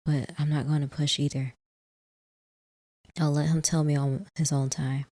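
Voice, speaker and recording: Low-voiced woman reading a game aloud. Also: flat delivery, measured pace, warm tone. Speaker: let's play host. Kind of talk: reading a visual novel aloud with casual asides.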